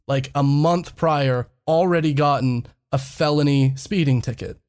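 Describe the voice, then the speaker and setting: A man's voice: on the high side, steady tone, measured pace, darkish tone, clean tone. A man co-hosting a podcast, telling a story in casual chat, laughing often and swearing freely. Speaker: podcast co-host.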